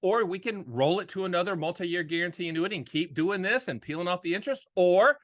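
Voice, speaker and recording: A man hosting a casual monologue on annuities, energetic and jokey, repeating key phrases for emphasis. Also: sits high, quick pace. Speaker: annuity agent and show host.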